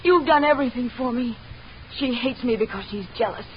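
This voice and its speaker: An actress playing a clingy, scheming young woman who turns unhinged, in 1940s radio-drama style, soft and possessive. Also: a little high, a little fast, slight background noise, lightly acted. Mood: pleading. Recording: dull lo-fi old radio recording.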